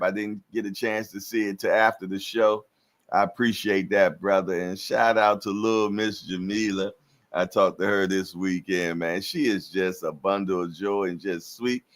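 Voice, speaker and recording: A man's voice: fairly low pitch, fairly bright tone. A man in his fifties hosting a live stream, chatting casually with viewers in laid-back slang and laughing often. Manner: laughs often between lines.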